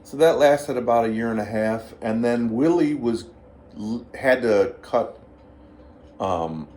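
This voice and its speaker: A man's voice: medium pitch, slow pace, a little hiss or hum. A blues guitarist, a man, telling stories in a casual interview and acting out the voices of the people he quotes. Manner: lively anecdotal, acts out quoted voices. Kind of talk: casual storytelling.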